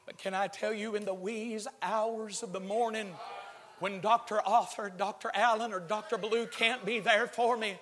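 A male preacher delivering a sermon, swinging from low murmurs to shouted, drawn-out climaxes. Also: steady tone. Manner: stretches words for emphasis. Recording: long hall reverb.

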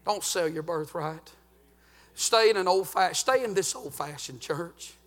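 A man preaching a sermon as pastor, swinging from sung, shouted climaxes down to low, hushed warnings. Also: unhurried. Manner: fervent preaching, rising to chanted shouts then dropping low.

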